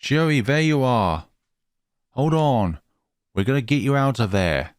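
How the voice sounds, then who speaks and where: A man's voice: mid-range voice, expressive, measured pace, smooth, no room sound, clean studio sound, natural voice. A man reading the lines of a female police officer in a horror game, urgent and reassuring. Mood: relieved.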